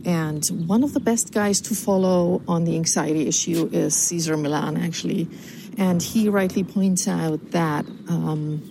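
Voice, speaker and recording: A woman caller leaving a recorded message, explaining calmly with lots of hesitant ums. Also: lowish voice, gravelly, background noise. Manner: hesitant, many filler ums, calm explaining tone.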